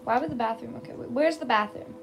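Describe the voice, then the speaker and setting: A woman's voice: fairly high pitch, fast talker, vocal fry, music in the background. A young woman chatting casually while playing a game, giggly and blurting out reactions. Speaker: gaming YouTuber. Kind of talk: casual let's-play chat.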